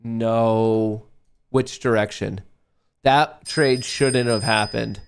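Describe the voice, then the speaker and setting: A nasal-voiced man chats loosely through a live trading stream, joking and swearing as he goes. His voice carries a gravelly, fry-heavy edge. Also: mid-range voice, fairly even intonation, very slow. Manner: rambling, joking and profane. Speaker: livestream trading show host. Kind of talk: casual livestream chat while trading.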